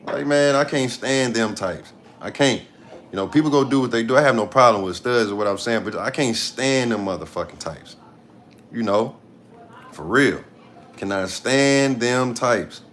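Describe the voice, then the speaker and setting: A man in his late thirties talks in at an ordinary middle pitch. He rants casually and bluntly on a livestream, swearing freely and hammering his points home by saying them again. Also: moderate pace, fairly bright tone, slight background noise. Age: 30s. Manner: blunt, profane, repeats himself for emphasis. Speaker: live streamer.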